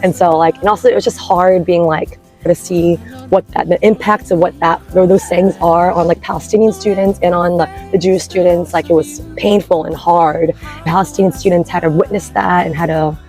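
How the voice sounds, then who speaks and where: A young woman student speaks in a lowish voice, earnest and loose, her sentences packed with fillers. Soft music plays faintly beneath her. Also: steady tone, a little fast. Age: young adult. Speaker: student interviewee. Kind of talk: casual interview talk.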